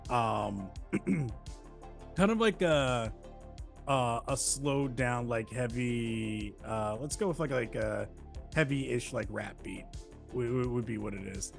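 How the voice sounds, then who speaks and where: A man's voice: mid-range voice, vocal fry, faint music behind. Rambling man describing his game character. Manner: rambling, halting with many fillers. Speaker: player.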